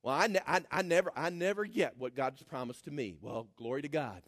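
A man preaching a sermon as pastor, swinging from shouted declarations to low, mocking asides. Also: a little fast, no room sound, studio quality. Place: church.

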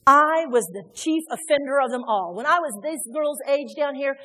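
Her voice is high-pitched, expressive and a bit bright, moving at a normal speed. The woman, who is from Indiana, preaches a sermon in a church sanctuary, emphatic and acting out the people she quotes, with long hall reverb on the recording.

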